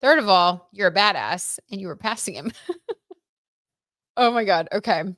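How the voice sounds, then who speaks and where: A woman's voice: medium pitch, expressive, normal speed, a bit bright, no room sound, studio quality. A young woman hosting a tarot livestream, chatting casually with viewers and gushing about what she sees in the cards. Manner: chatty, gushing, many "like"s and "oh my God"s; reads out viewer comments.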